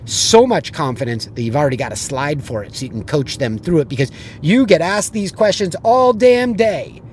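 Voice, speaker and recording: A man's voice: fairly high pitch, moderate pace, a little hiss or hum. A man with a blunt, profane way of talking, acting out the people in his story and then giving sales advice as a business coach. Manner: animated storyteller who acts out the people he quotes.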